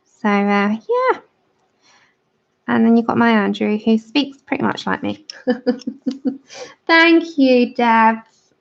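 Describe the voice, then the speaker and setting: A British livestream host chats casually with viewers as she colours, laughing often and answering their comments. Her fairly high voice is animated and gravelly, and she speaks slowly with long pauses over dull lo-fi stream audio.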